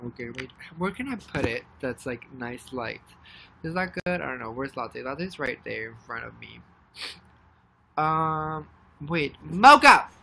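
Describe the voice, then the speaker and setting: A young woman chatting casually on a live stream, rambling and excitedly thanking viewers by name. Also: a bass voice, unhurried, gravelly, slight background noise. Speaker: livestreamer.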